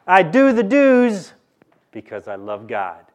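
A male pastor preaching a sermon in a church, slow and emphatic, repeating key phrases for the congregation. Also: sits high, huge pitch swings, darkish tone.

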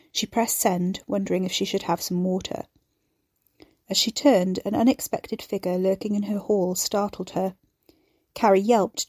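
A woman narrates a serialized story in an even, measured manner. Her voice is mellow and warm. The sound is dry and close, with no room around it. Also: medium pitch, slightly rough, dry recording. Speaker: audiobook narrator. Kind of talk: scripted narration.

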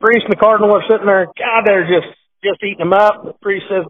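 A folksy man from Nebraska talking cattle in a casual, rambling way, repeating himself as he goes. His voice sits high for a man and comes over a thin, phone-like line. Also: fairly even intonation, fast talker. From Nebraska, USA. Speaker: cattle breeder, podcast guest. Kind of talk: casual phone interview and joke telling.

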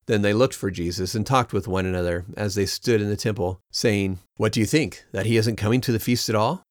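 A man reading a Bible chapter aloud in a steady way, raising his voice a little for quoted speech. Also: lowish voice, brisk, dry recording, studio quality. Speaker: scripture reader.

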